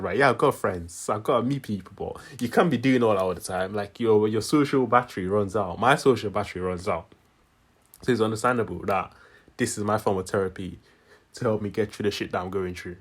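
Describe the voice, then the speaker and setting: Here the young male channel host sounds lowish with a breathy edge. Chuckling frequently, he rambles through relaxed solo commentary from his room in Yorkshire English flavored with a Nigerian tinge.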